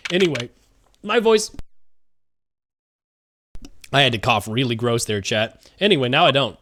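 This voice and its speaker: Rambling excitable young man streaming. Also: medium pitch, measured pace, a little hiss or hum. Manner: rambling, excitable, lots of fillers. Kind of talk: live game stream commentary.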